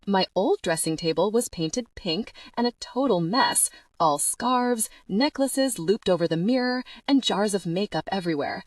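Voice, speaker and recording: Animated woman audiobook narrator. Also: medium pitch, moderate pace, few pauses, no room sound, studio quality. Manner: animated, expressive storytelling. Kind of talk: first-person audiobook narration.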